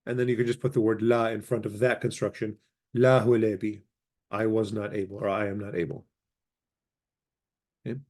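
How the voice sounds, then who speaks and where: A man teaching a casual grammar lesson. He explains in a relaxed way and slowly repeats each word form. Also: lowish voice. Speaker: language teacher.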